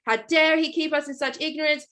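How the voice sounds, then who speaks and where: Middle-aged Australian woman, casual storyteller, fairly high voice, fillers and restarts. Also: a little fast. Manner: animated, rambling, many fillers and restarts. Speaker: podcast co-host.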